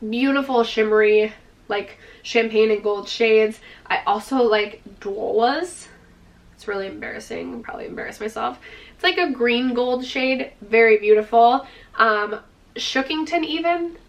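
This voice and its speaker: A woman with a slightly high voice gushes through a makeup palette review, full of enthusiasm and casual filler words. She sits a little back from the microphone, so her voice sounds somewhat distant. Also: a little slow. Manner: gushing, enthusiastic, uses "like" and "freaking" often. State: out of breath, dry throat. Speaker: beauty vlogger. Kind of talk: product review vlog.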